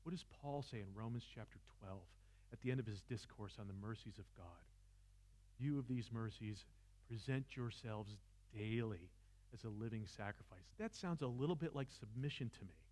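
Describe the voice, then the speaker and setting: A seminar speaker who teaches philosophy addresses a church seminar room in a lowish voice at a moderate pace. He lectures with real passion, rising almost to a shout, and often makes fun of himself.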